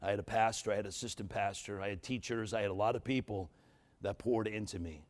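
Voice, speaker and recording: A man with a New York accent delivers an energetic revival sermon. His voice is unusual and husky. He punches his words hard and keeps calling out to the congregation. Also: lowish voice, fast talker. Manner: fiery, emphatic, calls out to the congregation. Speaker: guest preacher. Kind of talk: revival preaching. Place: church sanctuary.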